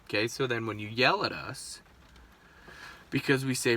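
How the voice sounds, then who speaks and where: A man in his thirties speaks in a casual monologue with a gravelly edge and a bright, forward tone. He rambles candidly, swears freely and often breaks off to restart a thought. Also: on the low side, normal speed, pauses often, a little hiss or hum. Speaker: podcast host.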